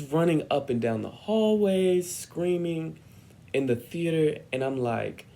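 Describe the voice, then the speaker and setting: A young man telling a personal story on his vlog, animated and dramatic as he acts out what others said. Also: on the high side, unhurried, creaky. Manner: animated, dramatic retelling with acted-out quotes. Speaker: vlogger.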